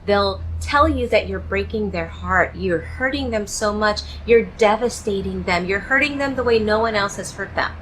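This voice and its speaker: A woman relationship coach giving advice straight to the viewer in a measured, emphatic way, leaning on key words. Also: mid-range voice, a bit bright, a little hiss or hum, low-quality recording. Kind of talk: direct-to-camera advice talk.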